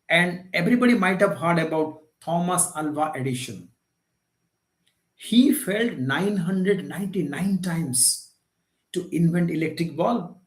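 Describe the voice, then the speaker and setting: A man's voice: a little high, reverberant, low-quality recording. A man, a life coach giving a motivational live talk, lecturing emphatically and asking rhetorical questions.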